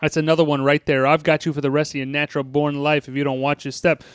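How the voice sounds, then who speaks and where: A man reading out the lines of a gruff, threatening middle-aged male school principal in a taunting, bullying manner. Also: fairly high pitch, little pitch movement, fast, dry recording, clean studio sound, close to an everyday voice.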